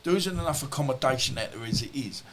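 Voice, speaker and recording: A man's voice: mid-range voice, lively intonation, quick pace, a bit bright, a little hiss or hum. A middle-aged man, a former boxer and podcast guest, telling casual stories in a rambling, anecdotal way full of asides. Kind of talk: casual storytelling.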